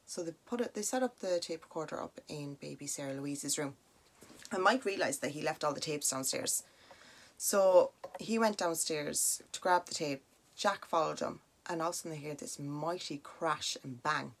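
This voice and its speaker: A young Irish woman hosting a podcast, telling a story in a chatty, animated way full of "like" and "now" asides. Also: low-pitched, moderate pace. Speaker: podcast host. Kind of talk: casual spoken storytelling.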